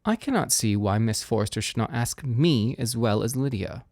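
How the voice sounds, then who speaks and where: A man's voice: mid-range voice, expressive, moderate pace, gravelly, darkish tone, no room sound, clean studio sound. A man voicing a peevish, jealous young woman in a storybook reading. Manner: whiny, complaining.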